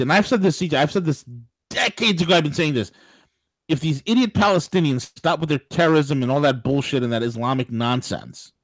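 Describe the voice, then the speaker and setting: Lively, animated male talk host. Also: medium pitch, no room sound. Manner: animated, digressive, laughing asides. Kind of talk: political talk radio commentary.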